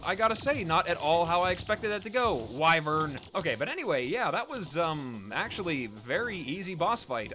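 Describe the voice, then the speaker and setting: A man giving chatty, excitable gameplay commentary as host of his let's play series, often poking fun at himself. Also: a little high, slight background noise. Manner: excitable, chatty, self-mocking.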